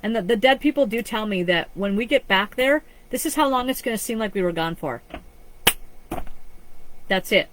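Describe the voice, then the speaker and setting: A woman's voice: mid-range voice, expressive, moderate pace, pauses often, a bit bright, slight background noise, poor audio. A woman psychic medium giving a live-streamed reading, talking in an earnest, rambling way with frequent restarts. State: choked up with emotion.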